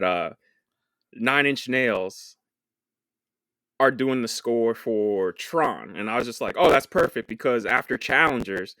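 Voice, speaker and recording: A man's voice: on the low side, sharp tone, dry recording, studio quality. A man co-hosting a casual film podcast, joking, swearing and laughing a lot. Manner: joking, profane, laughs often. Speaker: podcast co-host.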